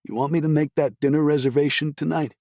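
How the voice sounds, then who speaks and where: A man's voice: a little high, fairly even intonation, fast talker, a little mellow, no room sound, clean studio sound, voice pushed up, close to an everyday voice. A man voicing a casual, teasing male coworker in an audiobook.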